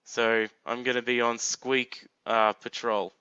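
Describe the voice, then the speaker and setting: A man riffs through a blind reaction to a cartoon, casual and laughing often, with crude jokes. His voice is bright and smooth, and the dry, dull recording sounds lo-fi. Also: mid-range voice, flat delivery, takes it slowly, no echo. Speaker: reaction commentator.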